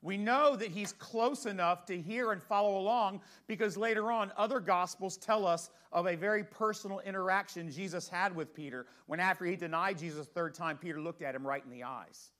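Male pastor, high voice, conversational sermon delivery with frequent rhetorical questions. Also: brisk, hardly any pauses, fairly bright tone.

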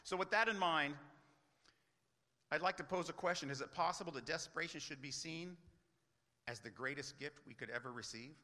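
A man's voice: on the high side, a little fast, long pauses, sharp tone, long reverb tail. A man preaching a sermon as pastor, earnest, often asking rhetorical questions.

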